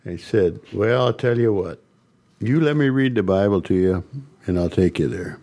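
An older man recounting old church stories in a halting, chuckling interview manner. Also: lowish voice, lively intonation, warm tone. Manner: slow, halting storyteller with chuckles. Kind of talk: storytelling interview.

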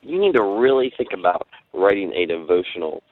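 A man leaving a cheerful, teasing voice message for the hosts, speaking haltingly. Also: low voice, sing-song. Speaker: listener sending a voice message. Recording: dull lo-fi voice message.

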